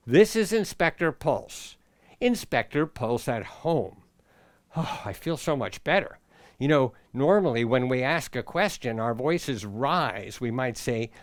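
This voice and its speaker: A man's voice: mid-range voice, animated, moderate pace, dry recording. A man teaching a playful children's music lesson at his keyboard at home, with exaggerated rising and falling inflection.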